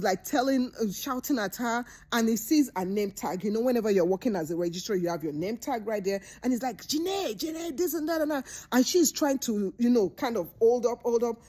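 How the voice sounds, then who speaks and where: A woman casually retelling a movie's plot in a vlog, animated and dramatic, jumping into high voices to act out the characters. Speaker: movie reviewer.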